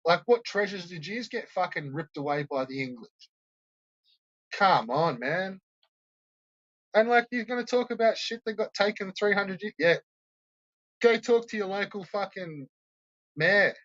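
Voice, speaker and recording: A man's voice: sits high, lively intonation, measured pace, pauses often, fairly bright tone, lo-fi sound. A man hosting a stream, ranting and mocking viewers with constant swearing. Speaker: host of a troll-reaction stream. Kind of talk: profane ranting commentary.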